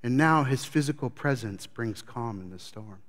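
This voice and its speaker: A man's voice: medium pitch, animated, normal speed. A man preaching a sermon as pastor, telling the story with animation and acting out scenes.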